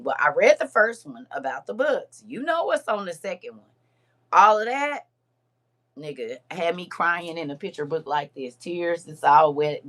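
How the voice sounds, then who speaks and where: Woman host, slightly low voice, chatty and expressive live-stream talk, puffy-eyed from crying. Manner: chatty and expressive, addresses viewers as girl and honey. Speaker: livestream host. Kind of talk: casual chat to a live audience.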